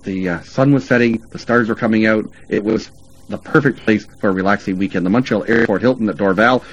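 A male radio host with a lowish voice talks briskly and upbeat, promoting places to stay and eat, with frequent "uh" fillers. The radio audio is dull and lo-fi with faint noise.

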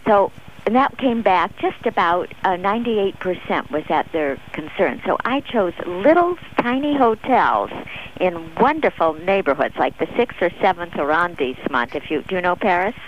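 A woman's voice: on the low side, animated, moderate pace, a little hiss or hum. An enthusiastic American woman, a travel author, chatting as a guest on a radio interview and often laughing. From United States. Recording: dull, muffled radio audio.

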